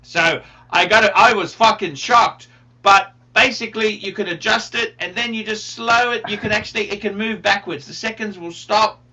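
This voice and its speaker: A man hosting a casual livestream chat, excitable and given to loud bursts. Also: high-pitched, moderate pace, highs cut off. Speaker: livestream host.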